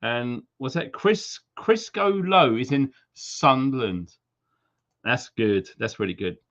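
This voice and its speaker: This man from Wales hosts a live stream, giving casual shout-outs to viewers by name and place, joking around and putting on silly accents. He speaks slowly in an animated, fairly bright medium-pitched voice, over slightly dull lo-fi audio.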